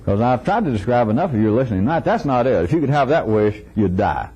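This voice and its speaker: A man's voice: mid-range voice, sing-song, fast talker, warm tone, husky, rough recording. A man giving an informal philosophical lecture to a live audience, wry and chuckling, acting out little dialogues in shifting voices.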